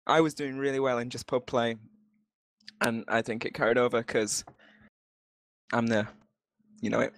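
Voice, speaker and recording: A man's voice: mid-range voice, steady tone, normal speed, creaky, long pauses, a bit bright, no room sound, studio quality. A man being interviewed after a game match over voice chat, joking and laughing often, with a sore throat.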